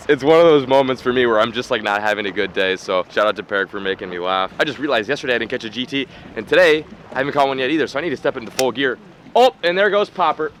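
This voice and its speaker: A young man vlogging on a fishing boat at sea, chatting casually and commenting excitedly on the fishing. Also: mid-range voice, racing, few pauses, a little hiss or hum. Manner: excitable, laughing, swings between chatty and loud. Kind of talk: casual vlog chat and live fishing commentary.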